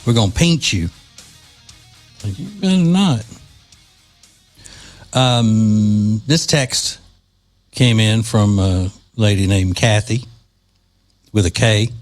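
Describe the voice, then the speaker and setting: A male radio host with a somewhat low voice, rambling through his on-air monologue. He cracks jokes and drops dry, sarcastic asides in an easy, conversational way, with faint music playing under him. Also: animated, takes it slowly, long pauses. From Louisiana. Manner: joking, wry, sarcastic asides. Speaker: radio talk show host. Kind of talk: casual talk radio monologue.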